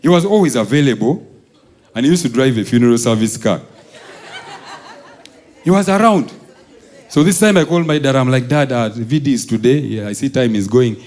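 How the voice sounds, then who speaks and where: A male stand-up comedian from Uganda tells school stories live on stage. He acts out the people in them, jumping up high for excited voices and sinking low and quiet for threats. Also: brisk, pauses often, a faint crowd. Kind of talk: stand-up storytelling. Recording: live show with audience laughter.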